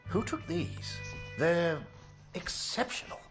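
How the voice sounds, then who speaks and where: An actor playing a polite, formal army major in a video game. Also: male voice, on the high side, expressive, takes it slowly, over music. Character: courteous male army officer, genial and proper.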